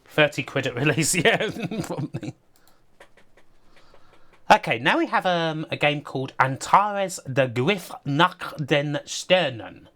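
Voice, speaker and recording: A woman's voice: low voice, expressive, slow pace, fairly bright tone. A woman streaming retro games, chatting casually in a sardonic, sweary way and laughing often. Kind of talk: casual live commentary.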